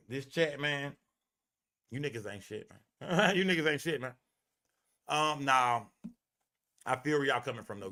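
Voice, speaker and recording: A man hosts a livestream and rants in a bright, forceful voice. He is profane and emphatic, and he circles back to repeat his points. The delivery is heated and blunt. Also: medium pitch. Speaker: livestream host.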